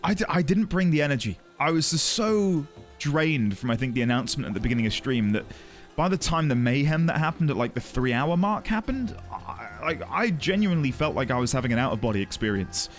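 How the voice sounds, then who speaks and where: A male live streamer talks openly to his audience, his pitch swinging widely as he greets viewers. He comes across as earnest and emotional, often circling back on his words. Soft music plays faintly underneath. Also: sing-song, fairly quick. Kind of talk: casual chat with a live audience.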